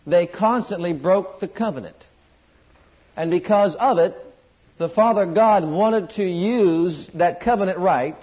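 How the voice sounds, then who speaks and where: A man preaching a sermon, reading scripture slowly and swinging between loud, high declarations and low, quiet asides. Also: husky. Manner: rising and falling preaching cadence, drawn-out scripture readings. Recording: muffled lo-fi sermon recording.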